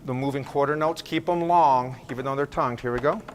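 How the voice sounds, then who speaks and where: A man leading a school band rehearsal, giving brisk, encouraging directions, counting off and singing phrases to show how they should sound. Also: medium pitch, slight background noise. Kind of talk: ensemble rehearsal instruction.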